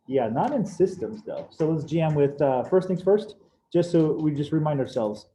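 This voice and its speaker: The recording is muffled and comes from an echoey room with faint noise. In it, a man with a mid-range voice and dark tone teaches algebra live over video call, walking through steps in an upbeat, casual, slightly slangy way.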